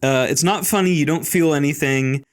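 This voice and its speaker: A man's voice: on the high side, normal speed. A man hosting a casual podcast, bluntly ranting about a film with profanity and mocking impressions. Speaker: podcast host.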